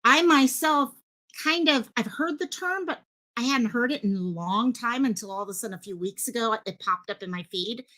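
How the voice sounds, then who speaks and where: Chatty lady streamer with a headset mic, kinda high voice, talks loose with lots of ums. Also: normal speed, pushed and bright. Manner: chatty, greets viewers in chat, many fillers. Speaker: livestream host. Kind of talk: casual live-stream chat. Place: home streaming setup in Hawaii. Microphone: headphones with mic at desk.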